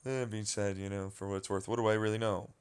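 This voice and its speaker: A man's voice: fairly low pitch, level tone, fast, smooth. A man vlogging a rambling, profane, exasperated commentary rant.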